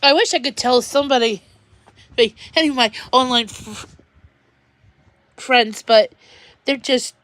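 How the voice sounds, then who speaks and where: A woman venting on a livestream, rambling and halting, repeating words as she goes. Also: a little high, fairly bright tone, no echo.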